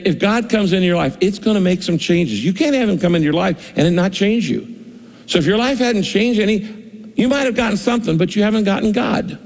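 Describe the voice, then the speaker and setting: A man's voice: fairly high pitch, creaky, darkish tone, in a large hall. A male pastor preaching a conversational sermon, acting out the voices of the people he quotes.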